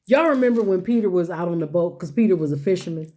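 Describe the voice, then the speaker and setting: A woman delivering a motivational sermon, her voice mellow and a little low. She drives points home with rhetorical questions and repetition, in folksy everyday phrasing. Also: expressive, fast talker. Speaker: speaker. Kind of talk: motivational sermon-style talk.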